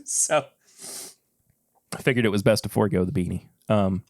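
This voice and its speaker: A man's voice: lowish voice, moderate pace, dry recording, clean studio sound. Laid-back man hosting a podcast. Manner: relaxed, joking, laughs often. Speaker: podcast host. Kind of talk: casual chat while tasting whiskey.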